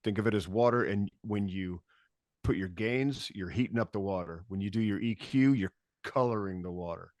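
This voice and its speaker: A man telling a story as a podcast guest in casual chat, animated, acting out quotes and swearing freely. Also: lowish voice, moderate pace, dry recording, studio quality. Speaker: podcast guest, bass tech.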